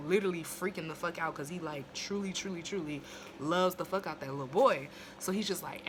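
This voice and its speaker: A woman's voice: on the low side, a little fast, fairly bright tone, a little hiss or hum. Blunt, profane young woman. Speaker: TV episode reviewer. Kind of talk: casual recap vlog. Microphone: phone.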